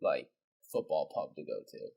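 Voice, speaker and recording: A man co-hosting a podcast, telling a relaxed story about a trip with many fillers. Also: a bass voice, moderate pace, creaky, breathy edge. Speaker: podcast co-host. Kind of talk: casual chat.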